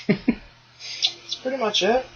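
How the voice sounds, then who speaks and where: A podcast host with a very high, slightly rough voice chats casually in a loose, profane way, launching into animated, energetic rants. The sound quality is lo-fi.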